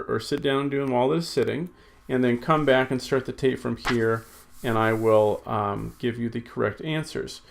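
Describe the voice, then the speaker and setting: A man's voice: medium pitch, gravelly. A man teaching a recorded lesson, thinking aloud as he types and correcting himself with many fillers. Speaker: Greek teacher. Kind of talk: recorded lesson, working through exercises.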